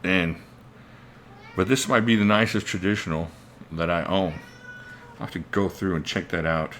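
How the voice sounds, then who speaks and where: A man's voice: deep voice, steady tone, moderate pace, fairly bright tone, a little hiss or hum. A man hosting a casual livestream, rambling and thinking aloud as he greets viewers by name. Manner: reads out viewer names mid-talk. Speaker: knife channel host.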